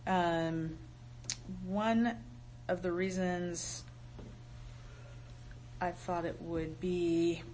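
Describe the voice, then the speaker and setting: A woman from county staff explains a rule at a public meeting. She speaks slowly in a lowish voice, pausing with ums. Faint noise sits behind her. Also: steady tone, darkish tone, rough recording. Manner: measured, with many ums. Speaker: county animal services staff.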